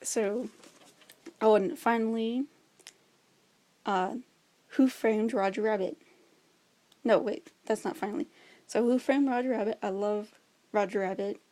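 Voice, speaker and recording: A young woman talks through her favorite films in a relaxed, chatty way. Her voice is mellow and warm rather than bright, with an even middle pitch. She gushes with enthusiasm and fills her pauses with ums. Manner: chatty, enthusiastic, many fillers. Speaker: vlogger. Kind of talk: casual chat about favorite movies.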